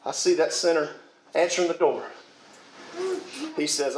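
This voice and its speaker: A man preaching a sermon with fervour, rising to shouts at his peaks and chuckling between points. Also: a little high, moderate pace, long pauses, roomy sound, noisy background.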